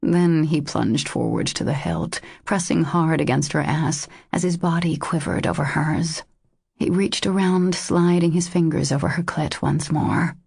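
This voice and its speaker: A woman narrating a romance audiobook in a slow, intimate reading. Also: deep voice, gravelly, a little mellow, breathy edge, no echo, clean studio sound.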